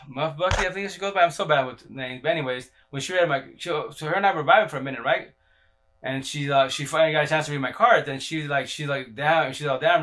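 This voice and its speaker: A man chatting on a live stream in loose, slangy talk, swearing freely as he goes. He circles back on himself and restarts sentences midway. His voice sits at an ordinary middle pitch for a man. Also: fairly bright tone. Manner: rambling, slangy and profane; repeats himself and restarts often. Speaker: livestreamer. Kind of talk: casual livestream talk.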